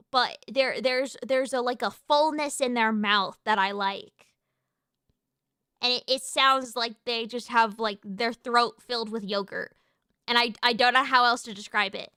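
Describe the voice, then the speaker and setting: High-pitched young woman from the US, bright, rambling live-stream chat, dry close mic. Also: smooth, no echo. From United States. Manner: rambling and excitable, full of restarts and fillers.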